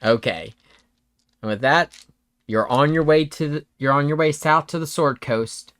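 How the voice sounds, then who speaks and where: A man's voice: on the high side, a little slow, fairly bright tone, dry recording. A man narrating as game master of a tabletop game, in a laid-back, rambling way with frequent self-corrections.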